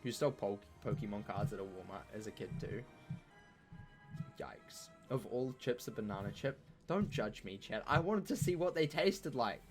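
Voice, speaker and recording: A man's voice: fairly low pitch, lively intonation, moderate pace, music in the background. A man streaming a game and chatting casually with his viewers in a playful, jokey, rambling way, full of fillers. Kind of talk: casual live-stream chat while gaming.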